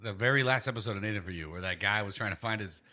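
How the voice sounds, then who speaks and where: A man's voice: fairly low pitch, rapid-fire, bright, forceful tone. A young man co-hosting a podcast in loose, joking, laughing banter. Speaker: podcast co-host. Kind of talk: casual chat.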